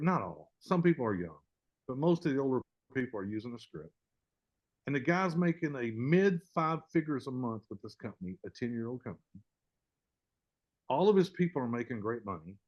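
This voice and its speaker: Older man, folksy storyteller, slightly high voice, dull lo-fi webinar sound. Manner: folksy storytelling, acts out both sides of a conversation. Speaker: network marketing presenter. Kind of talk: casual webinar talk.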